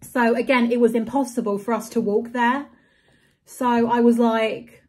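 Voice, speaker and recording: A woman's voice: on the high side, steady tone, measured pace, a little mellow. A young woman, ranting in a casual vlog about a bad summer, exasperated and rambling with lots of fillers and swearing. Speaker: vlogger.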